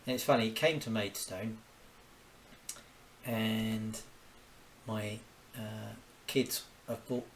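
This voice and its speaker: A man's voice: fairly low pitch, level tone, takes it slowly, pauses often, slight background noise. A man with a Kent accent chatting casually while drawing a cartoon live, rambling and muttering little exclamations to himself. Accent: Kent English. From Kent, England. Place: home, cooking dinner while drawing.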